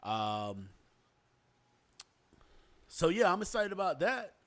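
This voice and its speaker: A man's voice: high voice, sing-song, slow. A young man hosting a casual podcast chat, talking loosely with lots of fillers and restarts. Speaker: podcast host.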